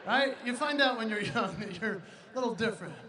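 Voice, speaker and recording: A man doing stand-up storytelling at a live event, animated and acting out voices and sounds. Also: very high voice, fairly quick. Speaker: stage performer at a benefit event. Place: large indoor event hall. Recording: echoey hall with crowd noise.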